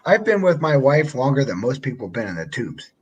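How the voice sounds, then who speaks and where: A man's voice: mid-range voice, fairly quick, highs cut off, a loud crowd. A middle-aged man co-hosting a casual livestream chat, telling stories with lots of restarts. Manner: animated storyteller, frequent restarts. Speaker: livestream co-host. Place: away from home on a small setup.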